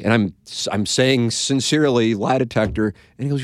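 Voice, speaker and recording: A podcast host chats casually, rambling, swearing and trailing off into asides. His medium-pitched voice comes at normal speed with no room sound.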